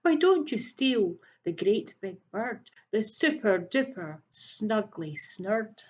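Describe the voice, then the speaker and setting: A woman's voice: mid-range voice, very animated, slow pace, husky, heavily acted. A sly hissing goose, voiced by a woman. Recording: dull lo-fi recording.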